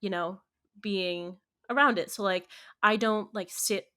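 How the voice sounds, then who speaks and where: A woman co-hosting a casual podcast chat, explaining her ideas with plenty of "like" and little acted-out quotes. Her voice is bright and clear, set at a middle pitch. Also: unhurried. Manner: chatty, explains with many fillers and quoted asides. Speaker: podcast co-host.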